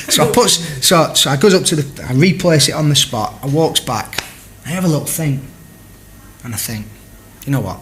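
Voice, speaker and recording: Welsh guy, ex-footballer, animated anecdote, acts out the back and forth, faint hiss behind. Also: medium pitch. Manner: animated storyteller, acts out both sides of an argument, chuckling. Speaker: former footballer telling a story. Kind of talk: casual anecdote on a podcast.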